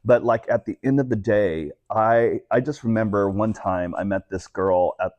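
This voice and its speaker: A Texan man in his forties, with a voice on the low side and a normal speed, tells personal stories as a guest in a casual interview. He's an animated storyteller who acts out the voices of people he quotes, and the recording has its highs cut off.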